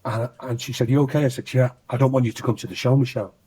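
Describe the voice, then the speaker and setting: A man's voice: mid-range voice, fast talker, slightly rough. A man, an actor and singer, telling a personal story in a conversation and acting out the voices he quotes. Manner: animated storyteller who acts out quoted voices.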